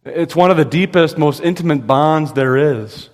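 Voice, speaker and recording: A man preaching a sermon as pastor, emphatic, with sudden rises in pitch and slow, stressed quotations. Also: in a large hall.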